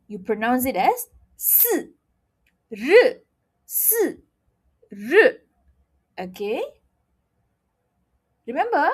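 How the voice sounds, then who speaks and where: A woman patiently teaches a language lesson, drilling syllables aloud to demonstrate sounds and often checking in with "okay?" Her voice is high with a darkish tone.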